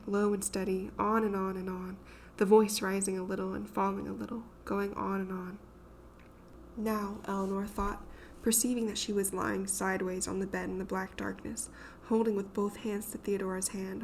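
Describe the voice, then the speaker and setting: A woman's voice: mid-range voice, flat delivery, moderate pace, a little hiss or hum. Woman narrating a suspenseful audiobook.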